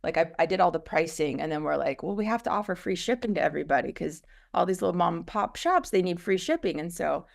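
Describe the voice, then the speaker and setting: Gravelly-voiced woman telling her story. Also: lowish voice, fast talker, hardly any pauses. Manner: rambling, animated storytelling. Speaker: guest, company co-founder. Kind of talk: casual interview chat.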